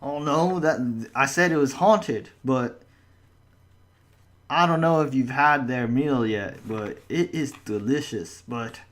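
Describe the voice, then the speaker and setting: A man voicing a gruff, evasive male tavern patron who stammers and rambles through secondhand rumors in a tabletop game. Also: medium pitch, slow pace, fairly bright tone. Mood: conspiratorial. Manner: stammering, rambling, hearsay-repeating.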